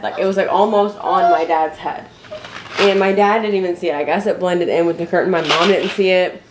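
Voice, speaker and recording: A young woman from Indiana chats to the camera in her house, telling a story in a loose, rambling way full of fillers and restarts. Her voice sits a little low. The room echoes noticeably, with a faint hiss underneath. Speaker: family vlogger. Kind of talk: casual chat to camera. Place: her home, indoors.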